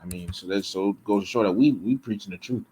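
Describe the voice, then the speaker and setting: A man's voice: lowish voice, fast talker, dark tone, slight background noise, rough recording. A man teaching a bible study in a casual, conversational way, reading verses aloud and often checking in with "okay?" and "you know".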